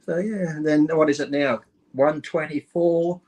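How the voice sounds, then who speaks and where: A man's voice: on the high side, steady tone, a little slow, a little mellow. An Australian man in his fifties, a guest trading irreverent crude jokes in casual banter. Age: 50s. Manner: irreverent, tells dirty jokes with put-on character voices.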